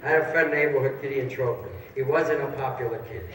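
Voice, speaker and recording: A man's voice: mid-range voice, steady tone, fast talker, fairly bright tone. A man telling stories and jokes on the stage of a large auditorium, in a chatty, punchline-driven way. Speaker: comedian. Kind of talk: stand-up storytelling and joke telling. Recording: echoey hall miked from far off.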